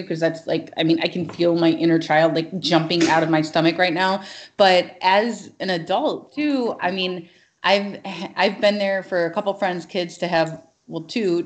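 A woman in casual podcast conversation, speaking earnestly and emphatically, often saying "like". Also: lowish voice.

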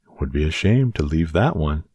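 A man voicing a kindly, eager very old man in a bedtime storybook, speaking in a gentle, earnest way. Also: a bass voice, animated, moderate pace, husky, dry recording, full character voice.

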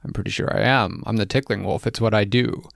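A man's voice: fairly low pitch, steady tone, a little fast, gravelly, a bit bright, dry recording, studio quality. A man voicing a male wolf who loves tickling, blunt and stubborn.

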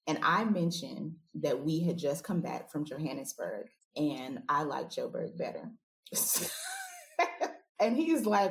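A woman's voice: sits low, big pitch swings, slow pace, creaky. A woman guest telling a story in a casual, laughing way on a podcast. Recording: roomy echo.

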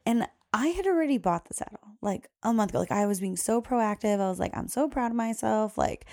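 A woman's voice: mid-range voice, animated, moderate pace, warm tone. A young adult woman hosting a podcast, telling a casual story and quoting her little daughter in a raised voice. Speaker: podcast host.

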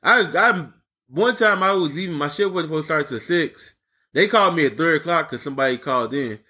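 A man with a bright, slightly high voice tells a story in a relaxed podcast chat. He is animated and profane, slipping into quick impressions of the people he talks about. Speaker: podcast co-host.

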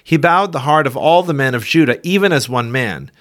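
Man reading scripture, lively pitch. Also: fairly quick. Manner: expressive reading, raises pitch for quoted speech. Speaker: Bible reader.

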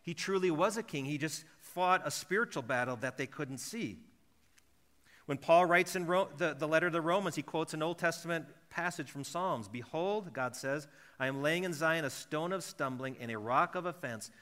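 A man preaching a sermon in a conversational way, acting out imagined dialogues and often repeating words as he restarts. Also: moderate pace. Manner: acts out imagined dialogues in softer, lower voices. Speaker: pastor.

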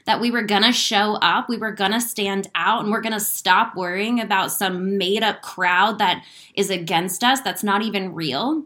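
A woman's voice: mid-range voice, normal speed, bright, forceful tone. Emotional woman giving a spiritual pep talk. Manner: earnest and spiritual, swearing freely, laughing through tears. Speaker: inspirational speaker. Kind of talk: emotional motivational talk to camera.

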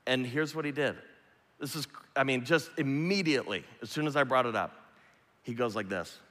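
A middle-aged pastor preaching with an earnest, insistent delivery, circling back over his phrases to drive them home. His voice is bright and forceful, with a long reverb trailing off the walls of a large hall. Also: medium pitch, normal speed. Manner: earnest, repeats phrases for emphasis. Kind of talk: sermon.

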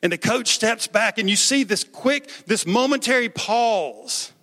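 A pastor with a high, sharp-toned voice preaches at a measured pace in an echoey hall. His sermon is conversational: he asks the congregation questions and repeats words as he goes.

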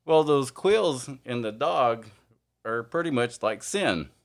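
A man giving an informal, earnest sermon, halting often with fillers and restarts. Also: medium pitch, animated, creaky. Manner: earnest, confessional. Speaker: preacher.

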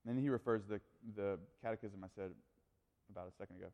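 Animated male youth pastor in echoing hall. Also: fairly low pitch, racing. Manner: animated, casual storytelling with frequent fillers. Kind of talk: storytelling sermon.

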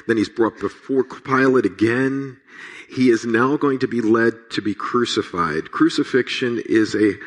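A man preaching a sermon, reading scripture and praying in an earnest, measured way. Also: fairly low pitch. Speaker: pastor.

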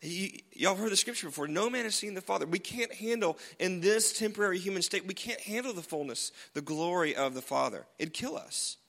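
A man's voice: sits high, pushed and bright. A man preaching a sermon in a casual, conversational way, with jokes and frequent asides to the congregation. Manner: conversational, humorous, frequent tag questions. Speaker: pastor.

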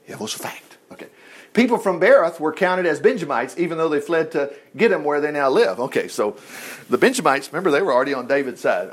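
A man teaching a Bible lesson in a casual, folksy way, full of asides and rhetorical questions. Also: high voice.

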